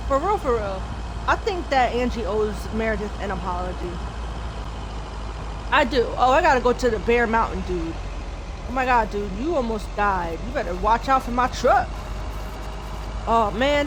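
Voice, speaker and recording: A young woman gives chatty, jumpy commentary on her game, her higher voice swinging all over the place. A steady rumble of engine noise from the game sits clearly behind her. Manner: chatty, nervous, talks to her character. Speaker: gaming streamer. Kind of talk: let's-play commentary. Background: vehicle engine noise from the game.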